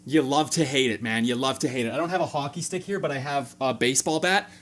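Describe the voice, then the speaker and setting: Excitable man breaking down a game. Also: fast. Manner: animated, jokey, with sudden jumps in pitch. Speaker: sports fan video host. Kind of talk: fan reaction breakdown.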